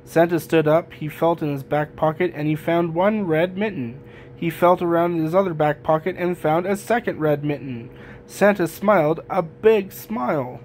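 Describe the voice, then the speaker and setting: A man reading a children's picture book aloud in a gentle, even storytelling manner. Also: on the high side, moderate pace, slight background noise. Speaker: storybook reader.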